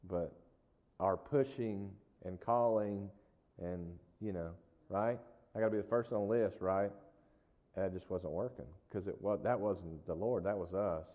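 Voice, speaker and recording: A deep-voiced man preaches slowly in a casual, folksy storytelling style, often turning aside to address the congregation. The lo-fi recording is dull and soaked in long hall reverb.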